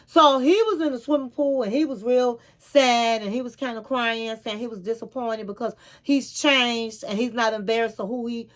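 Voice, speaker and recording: A woman casually recapping a reality show and giving frank advice, calling her viewers honey and queens. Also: a little high. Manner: chatty, retells scenes with quoted dialogue.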